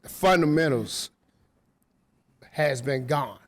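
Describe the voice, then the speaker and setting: A man's voice: on the high side, slow pace, dry recording. A man who works as a radio DJ, talking casually in a loose, slangy storytelling way. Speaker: radio DJ guest. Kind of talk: casual chat. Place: rooftop venue.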